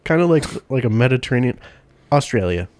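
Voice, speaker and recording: A man co-hosting a casual chat podcast, blunt and deadpan, swearing often. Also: mid-range voice, brisk, no room sound. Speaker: podcast co-host.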